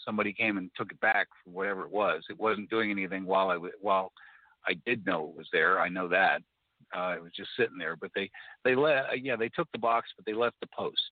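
A man calling in to a talk show, telling a story in a rambling, halting way with many restarts. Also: low voice, fairly even intonation, no echo. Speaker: caller. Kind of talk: casual phone conversation. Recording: tinny phone line, dry.

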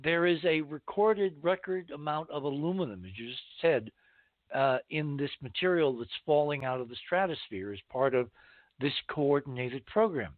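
A man's voice: on the high side, moderate pace, no room sound. A man hosting a casual talk conversation, drifting through long anecdotes. His voice comes through a narrow, phone-like line. The sound is dry and close. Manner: storytelling, rambling anecdotes.

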